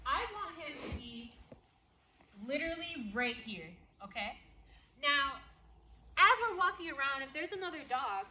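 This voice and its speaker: High-voiced woman dog trainer. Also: sharp tone, a little hiss or hum. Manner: talks to viewers while praising and commanding her dog; frequent tag questions, brisk and firm. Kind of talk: outdoor training demonstration.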